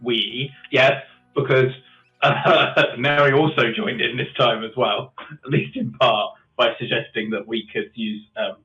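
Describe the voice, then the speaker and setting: A man's voice: mid-range voice, steady tone, unhurried, sharp tone, faint music behind. A man, a tabletop game player recapping the last session in a hesitant way, full of ums and restarts. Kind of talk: casual chat over a voice call. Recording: tinny phone-like call audio.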